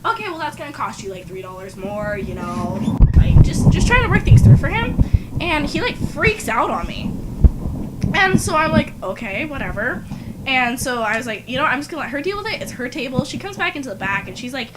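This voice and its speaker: Animated young woman telling a story. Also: high voice, moderate pace, very noisy. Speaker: podcast co-host. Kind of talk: casual chat.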